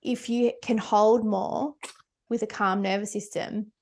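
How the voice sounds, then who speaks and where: A woman's voice: mid-range voice, fairly even intonation, measured pace, darkish tone. A woman in her thirties co-hosting a podcast, thinking aloud with many fillers. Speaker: podcast co-host. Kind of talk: casual heartfelt conversation.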